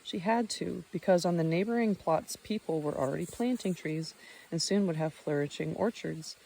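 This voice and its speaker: A woman narrating an audiobook in a steady reading voice, reading footnotes aloud and now and then restarting a word. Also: on the low side, moderate pace, creaky.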